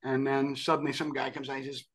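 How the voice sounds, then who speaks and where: An older man from New York, telling an animated, self-deprecating story as a podcast guest. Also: medium pitch, fast talker. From New York, USA. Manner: animated, acts out quoted voices, self-deprecating. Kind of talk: storytelling anecdote.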